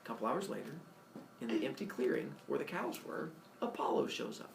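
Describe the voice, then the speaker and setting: A man casually retelling a myth as a comedy story, animated, with jokey asides and lots of fillers. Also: mid-range voice, fairly quick, creaky, a little hiss or hum. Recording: echoey room, mic far off.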